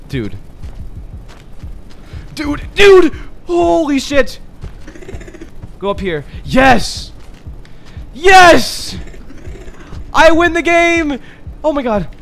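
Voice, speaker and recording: A young man commenting on his own play of a hard game, mumbling one moment and shouting and swearing the next. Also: sits high. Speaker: gaming streamer. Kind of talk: reactive gameplay commentary.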